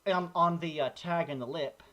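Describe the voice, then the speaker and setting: A man's voice: on the high side, moderate pace, muffled recording. A man in casual podcast chat, telling rambling stories with lots of restarts. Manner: rambling, animated storytelling with many restarts. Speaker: podcast co-host.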